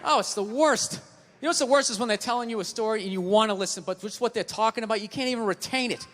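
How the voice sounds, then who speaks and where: A man doing a stand-up set, ranting in an animated, profane way at a live comedy venue. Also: sits high, fast, background noise. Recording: reverberant hall, faint ambience.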